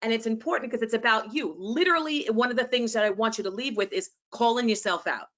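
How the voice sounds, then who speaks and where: A woman with a New York accent, presenting passionately to teachers and sometimes talking fast. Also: a little high, fairly bright tone, highs cut off. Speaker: educator and presenter.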